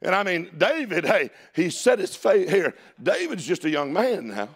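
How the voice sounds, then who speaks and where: A man preaching a lively sermon in a Southern US accent, shouting at peaks and laughing between folksy asides. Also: sits high, normal speed, husky.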